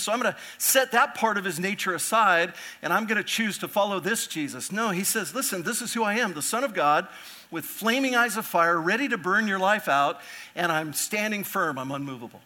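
A middle-aged male pastor preaching a sermon in a bright, forceful, slightly high voice. He speaks earnestly, building in volume when he drives a point home, then dropping back to a quieter, conversational tone. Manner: earnest preaching, swells louder on key points.

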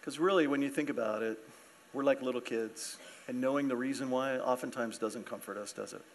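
A man preaching a sermon, explaining the verses in a conversational way and asking his listeners questions. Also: a little high. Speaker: pastor.

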